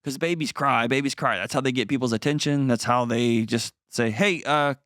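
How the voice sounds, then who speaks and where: A man's voice: medium pitch, a little fast, dry recording. Earnest man on a dry studio mic. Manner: earnest, conversational, gently reassuring. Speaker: advice show host. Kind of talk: advice call-in show.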